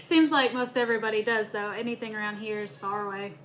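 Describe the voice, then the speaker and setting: A woman's voice: mid-range voice, steady tone, quick pace, fairly bright tone. Young woman, chatty livestream host, laughs often, faint background noise. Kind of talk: casual livestream chat.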